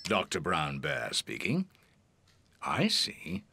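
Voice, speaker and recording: An actor playing a kindly male bear doctor in a children's cartoon, with a soothing bedside manner and a husky, gravelly voice. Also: sits low, wildly swooping pitch, takes it slowly, pushed and bright, no room sound, heavily acted. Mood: gentle. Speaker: cartoon character. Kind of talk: British children's cartoon voice acting.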